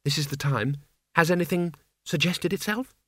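A woman's voice: fairly low pitch, big pitch swings, fairly quick, no echo, studio quality, voice pushed up. A man voicing an anxious young woman who keeps asking nervous questions. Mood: quiet. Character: anxious young woman riding behind a hero.

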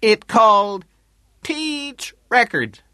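A man's voice: very high voice, very animated, extremely slow, pushed and bright, smooth, no room sound, clean studio sound, voice pushed up, exaggerated voice. A man voicing a streetwise male friend who talks in terse broken English. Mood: matter-of-fact. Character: streetwise male friend, agreeable, small-time fixer.

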